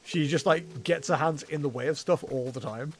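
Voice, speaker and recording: A man's voice: fairly high pitch, normal speed, slight background noise. A man chatting casually and rambling with self-mocking humor while livestreaming a game. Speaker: streamer. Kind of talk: casual gameplay livestream chat.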